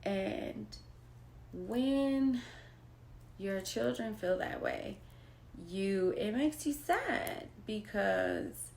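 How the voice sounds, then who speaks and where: A woman speaking as a mother in a personal vlog monologue, slow and emphatic, repeating phrases for weight and sometimes dropping to a near whisper. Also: mid-range voice, gravelly, darkish tone, slight background noise. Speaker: mother sharing personal experience.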